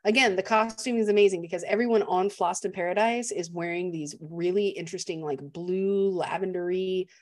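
A woman casually discussing a film as a podcast co-host, chatty and animated. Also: lowish voice, a little fast, few pauses. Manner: chatty and animated, laughs often.

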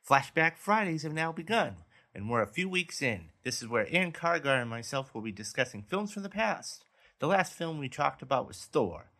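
A man hosts a movie news podcast, reading stories aloud and then chatting about them casually. His voice is mid-range, pushed and bright.

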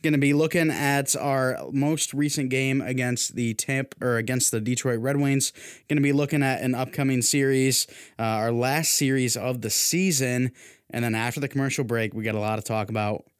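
A man hosting a casual sports podcast, chatting in a relaxed way and laughing easily. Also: mid-range voice, normal speed, clean tone, no echo, clean studio sound. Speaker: podcast host.

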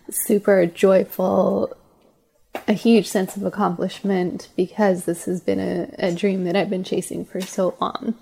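Heartfelt, gravelly-voiced woman from Canada. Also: medium pitch, a little mellow. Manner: heartfelt and emotional. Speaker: marathon runner interviewee. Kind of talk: personal interview recollection.

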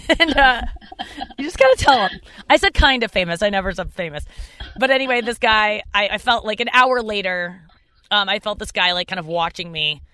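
A woman's voice: animated, normal speed, sharp tone, no room sound. A young adult woman hosting a podcast from her car, telling a rambling, self-mocking story in casual chat. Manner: rambling, self-mocking, jumps up high when quoting people. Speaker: podcast host and comedian.

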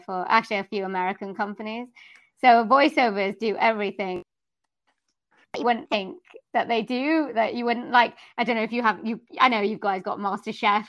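A woman's voice: medium pitch, a bit bright, no echo. A Welsh woman who works in voice-over, chatting casually as a guest with plenty of fillers. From South Wales, UK. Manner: chatty, many fillers, quick exclamations. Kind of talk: casual interview chat.

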